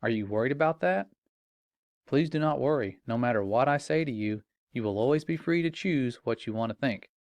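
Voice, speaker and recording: Courteous, reassuring chatbot read out by a man, middle pitch, dry recording. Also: lively intonation, brisk, a little mellow, dry recording, lightly acted. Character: polite, soothing AI chatbot read as a demon.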